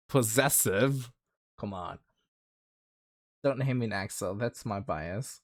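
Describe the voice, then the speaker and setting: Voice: medium pitch, animated, takes it slowly. A livestreamer chatting casually with viewers, rambling with many fillers and laughing often. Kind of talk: casual stream chat.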